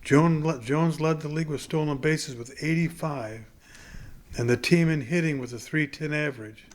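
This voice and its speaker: A man reading a novel chapter aloud in a plain, unhurried way. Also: on the high side. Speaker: audiobook reader.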